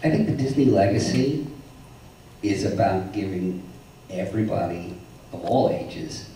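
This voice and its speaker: A man giving a measured answer on a convention panel. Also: fairly low pitch, lively intonation, mellow, a little hiss or hum. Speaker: panel guest. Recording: very echoey hall, far from mic.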